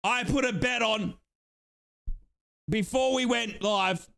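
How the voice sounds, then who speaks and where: A young Australian man streaming a live football watchalong, shouting and crying with joy, his voice going hoarse. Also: very high-pitched, slow pace. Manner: shouting, overjoyed and tearful. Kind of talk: live fan watchalong reaction.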